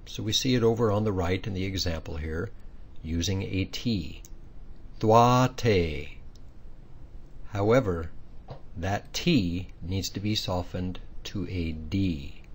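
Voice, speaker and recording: A man's voice: low voice, unhurried, slightly rough. A man teaching pronunciation step by step, in a patient, explaining way with little quiz questions. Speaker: language teacher. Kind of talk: recorded pronunciation lesson.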